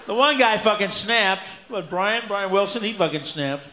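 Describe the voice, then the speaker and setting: A man performing a stand-up comedy set on a live stage, loud and profane, often breaking into shouts. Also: high voice, lively intonation, moderate pace, hardly any pauses, a crowd in the background. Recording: echoey live venue with room noise.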